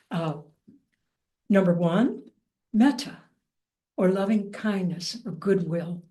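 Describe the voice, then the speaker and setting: Mellow-voiced woman giving a dharma talk. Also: mid-range voice. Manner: gentle, reflective, lightly playful. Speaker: Buddhist teacher.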